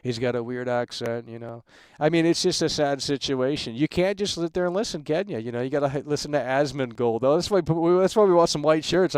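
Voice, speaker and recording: A man hosts a casual livestream talk show, shouting hype at viewers with repeated catchphrases and rambling through his opinions amid many restarts and fillers. His voice is a little high and fast, with a clean tone on a dry recording.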